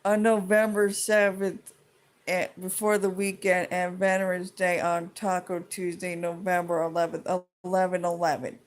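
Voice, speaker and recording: A woman's voice: fairly low pitch, little pitch movement, moderate pace. A woman ranting to her viewers in a heated, profane, rambling way, full of restarts and trailing thoughts. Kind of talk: casual rant to camera.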